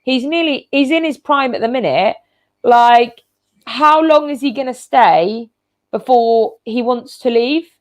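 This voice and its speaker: A woman's voice: a little high, unhurried. Chatty woman hosting a football chat. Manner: chatty, rambling with many fillers and restarts. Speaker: show host. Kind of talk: casual online football chat. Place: home, on a video call.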